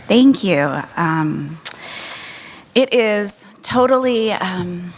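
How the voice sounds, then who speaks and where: A woman in her forties giving an earnest, measured chapel talk, pausing often with "um". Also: on the low side, lively intonation, background noise. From United States. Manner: measured and earnest, frequent "um" pauses. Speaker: chapel speaker. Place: college chapel. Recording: long hall reverb.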